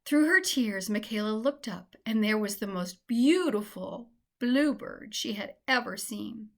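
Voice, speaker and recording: A woman reading a children's storybook aloud in a gentle, expressive way. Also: medium pitch, unhurried, vocal fry.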